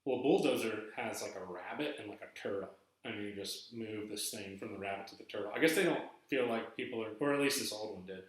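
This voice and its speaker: A man's voice: lowish voice, quick pace, very echoey, low-quality recording. A man hosting a podcast, telling stories casually and acting out the people in them. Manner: animated, acts out quoted people in raised voices. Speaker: podcast host. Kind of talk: casual storytelling.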